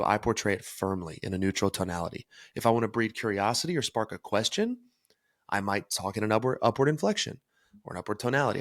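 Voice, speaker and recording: Young man, low voice, emphatic podcast host, dry close sound. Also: no room sound. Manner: energetic, emphatic, self-described as fired up. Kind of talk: solo podcast talk on self-improvement.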